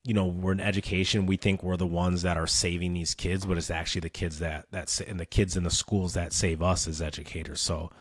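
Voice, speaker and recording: A man in his thirties hosting an interview podcast, talking in a relaxed, conversational way and laughing easily. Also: low-pitched, a little fast, few pauses, dry recording, clean studio sound. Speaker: podcast host. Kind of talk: casual interview chat.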